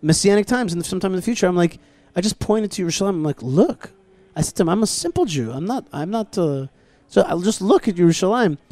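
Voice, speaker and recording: A man hosting a talk show, telling stories in a casual, animated way with many restarts and quoted dialogue. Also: high-pitched, a little fast, no room sound. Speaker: podcast host. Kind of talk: casual storytelling conversation. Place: outdoors at a plaza.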